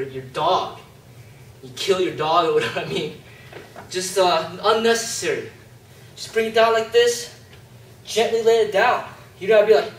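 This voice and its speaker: A man's voice: fairly high pitch, fairly bright tone. A man talking casually as a martial arts instructor, loose and conversational, showing moves as he explains. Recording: echoey room, mic at a distance, faint background noise.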